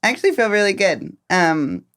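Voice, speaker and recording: A woman's voice: mid-range voice, very animated, fairly quick, fairly bright tone, clear, resonant tone, no room sound. A young woman chatting casually as a guest on a podcast, laughing between thoughts with frequent ums. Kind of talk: casual interview chat.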